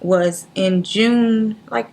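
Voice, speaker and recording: A woman, a guest on a talk show, telling a painful personal story in an earnest, halting way, near tears, acting out what others said. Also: mid-range voice, steady tone, a little mellow. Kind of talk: emotional personal story in interview.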